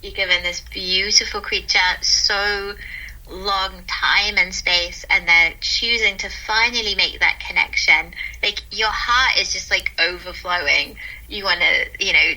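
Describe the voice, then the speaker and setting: A woman guest, a calm mentor, telling stories in a casual interview, earnest and quick to laugh. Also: medium pitch, rough recording.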